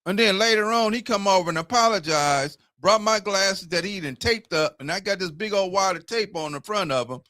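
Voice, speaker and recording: A man's voice: sits high, lively intonation, fairly quick, few pauses, sharp tone, dry recording, studio quality. A man in his fifties telling candid stories in casual talk as a show host. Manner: storytelling, candid and profane. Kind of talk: casual chat.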